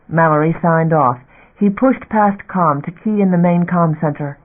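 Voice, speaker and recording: A man narrating a science fiction audiobook in a steady, dramatic reading. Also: a little high, normal speed. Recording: narrow phone-like audio.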